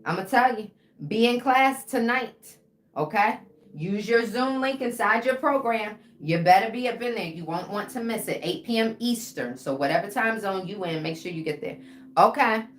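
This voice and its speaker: A woman's voice: mid-range voice, animated, normal speed, echoey room. A woman mindset coach teaching her viewers in a live stream, casual and full of "okay" and "right". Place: room with a whiteboard.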